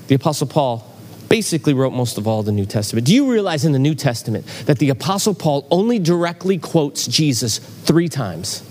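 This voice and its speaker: A man's voice: medium pitch, a little mellow, slight background noise. A man preaching a sermon in a church, telling a story and acting out the voices in it. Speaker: pastor. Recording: church hall reverb, faint ambience.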